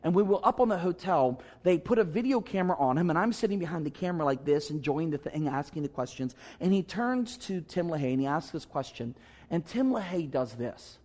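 Earnest male pastor, slightly high voice. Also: animated, fairly quick, darkish tone. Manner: earnest, conversational storytelling with emphatic asides. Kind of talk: sermon storytelling.

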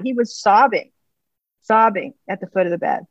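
Speaking at a normal speed in a medium pitch, a middle-aged woman who is married to a pastor shares her own story in an interview, earnestly voicing old conversations. There's no echo, though the audio is somewhat dull and lo-fi.

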